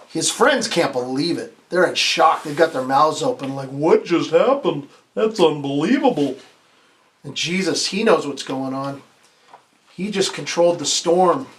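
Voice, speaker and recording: A man reads a children's picture book aloud as a pastor hosting story time. He keeps it expressive and playful, breaks off to ask the kids questions and has them repeat lines back. He stumbles and restarts now and then. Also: high-pitched.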